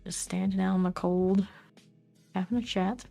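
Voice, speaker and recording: Relaxed Southern woman streaming a game. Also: mid-range voice, moderate pace, gravelly, faint music behind. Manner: relaxed, chatty, reads item names aloud while playing. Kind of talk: casual gameplay commentary.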